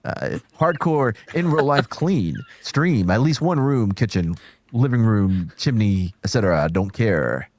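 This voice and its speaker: A man's voice: lowish voice, expressive, darkish tone, dry recording. A man attempting a bayou Creole accent. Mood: deadpan. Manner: accent fades quickly. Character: man trying a Creole accent, donation reader.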